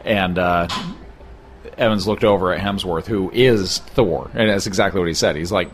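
A man's voice: low voice, moderate pace, slight background noise. A man co-hosting a casual chat in a hostel room, telling a long rambling story with many fillers. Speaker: podcast co-host.

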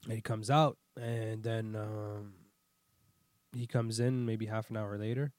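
A man's voice: lowish voice, steady tone, unhurried, a little mellow, no echo. A man telling a long story in casual chat, acting out quotes and swearing often.

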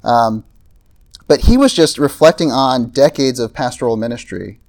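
A man's voice: mid-range voice, normal speed, creaky, darkish tone. A man preaching a sermon to a campus group in a casual, conversational way, tossing in asides and filler words. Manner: conversational, frequent "right?" and "like" asides. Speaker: pastor. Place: evening talk to a campus group.

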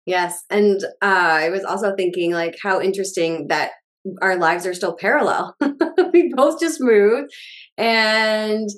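A woman's voice: mid-range voice, measured pace. A woman in her forties co-hosting a podcast as a life coach, talking in an upbeat, encouraging, enthusiastic way. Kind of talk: casual podcast chat.

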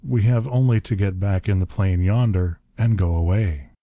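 A man's voice: low-pitched, fairly even intonation, normal speed, mellow, dry recording. A man voicing a grim, hard-pressed male pilot who speaks curtly and coldly. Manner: curt, grim and cold. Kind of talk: audiobook narration.

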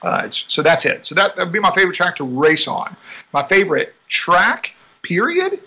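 A man, a racing driver talking casually in an interview, chatty and quick to laugh. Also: sits high, slightly rough, rough recording. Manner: chatty, laughs often, animated asides.

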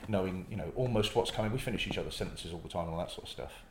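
A man's voice: deep voice, rapid-fire, background noise. A man who performs improv comedy, chatting in an interview and acting out little scenes as he explains. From North East England. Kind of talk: casual interview chat. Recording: echoey room.

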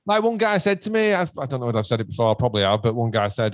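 A man, chatting casually about a hometown gig. He swears a lot and acts out quoted lines with big jumps in pitch. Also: animated, rapid-fire, hardly any pauses, no echo. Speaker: band member. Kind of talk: casual chat, heavy swearing.

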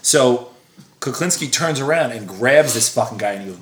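A man's voice: mid-range voice, lively intonation, normal speed, fairly bright tone. Guy rambling thru a story, swears a ton, does the quotes, echoey room. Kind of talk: casual chat. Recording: roomy echo.

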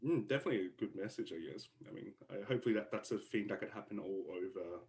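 A man's voice: lowish voice, fast talker, creaky, a little mellow. A young man interviewing in a casual chat, joking and laughing and acting out quoted lines. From Australia.

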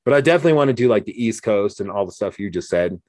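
A man's voice: on the low side, expressive, very fast, a little mellow, dry recording, studio quality. An American man chatting casually as a podcast host, a jokey storyteller who acts out the voices he quotes. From United States. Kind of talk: casual conversation.

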